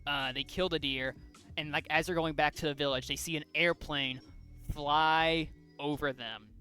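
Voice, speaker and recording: A man's voice: on the high side, steady tone, normal speed, sharp tone, clear, resonant tone, faint music behind. A man co-hosting a podcast, casually retelling a comic's plot with many fillers and restarts. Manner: rambling with frequent fillers and restarts. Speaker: podcast co-host.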